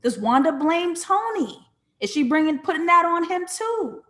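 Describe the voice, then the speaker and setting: A woman hosting a live show, thinking out loud about a series and reading out chat comments. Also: very high-pitched, moderate pace. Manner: thinking out loud, animated, talks back to chat. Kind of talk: casual live-stream commentary.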